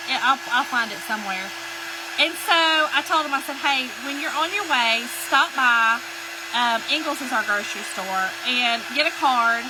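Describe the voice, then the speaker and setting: A woman, telling a folksy story in a chatty way while she crafts and greets viewers during a live stream. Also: sits high. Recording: hair dryer noise in background.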